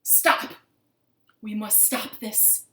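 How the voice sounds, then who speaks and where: A woman's voice: mid-range voice, flat delivery, a little slow, lightly acted. A woman voicing a determined little frog who takes charge and speaks firmly and urgently. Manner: firm and urgent. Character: earnest frog leader, determined and bossy. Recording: roomy living room.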